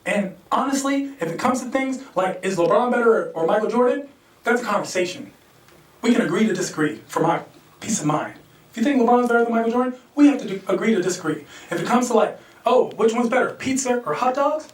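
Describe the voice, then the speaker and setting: An American man performing a stand-up comedy set, animated, acting out characters in sudden high voices and laughing at his own jokes. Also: fast. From United States. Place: comedy venue stage. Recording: roomy distant stage mic.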